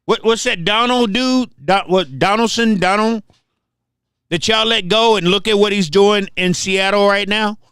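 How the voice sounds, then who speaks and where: A man's voice: high voice, measured pace, a bit bright, clean tone, dry recording, studio quality. An older man hosting a livestream, ranting casually and trash-talking viewers, often repeating his words. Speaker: livestream host.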